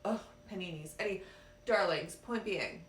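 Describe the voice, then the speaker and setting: A woman's voice: medium pitch, moderate pace, a little hiss or hum. A woman life coach giving a live-streamed motivational talk, brash and profane, calling her listeners cuties. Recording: roomy, a little off-mic, faint ambience.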